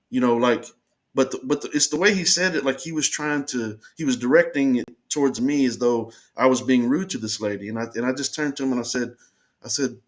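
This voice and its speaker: A man tells his side of a run-in with earnest insistence. He circles back and repeats himself to drive each point home. His voice sits at an ordinary, middle pitch for a man. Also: fairly quick. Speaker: person recounting an incident. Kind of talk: first-person storytelling.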